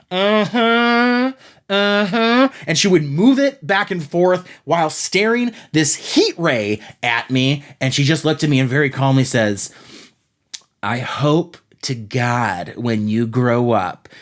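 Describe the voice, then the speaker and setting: Man telling a self-deprecating comedic story. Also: fairly high pitch. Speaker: podcast host. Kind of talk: comedic monologue.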